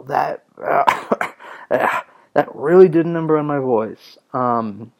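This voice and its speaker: Slow rambling male music-show host. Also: mid-range voice, darkish tone. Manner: rambling, many ums and self-corrections. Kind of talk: casual radio-show chat.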